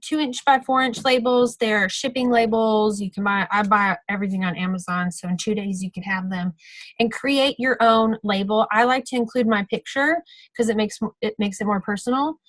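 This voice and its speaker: A woman's voice: medium pitch, normal speed, a bit bright, no room sound, rough recording. A woman giving a casual, practical training talk on a video call, chatty and full of fillers and self-corrections. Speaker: sales team trainer.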